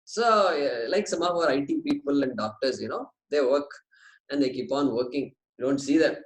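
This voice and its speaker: A man's voice: mid-range voice, expressive, moderate pace, reverberant, rough recording. A man teaching a scripture class, telling a story conversationally and weaving in Sanskrit phrases.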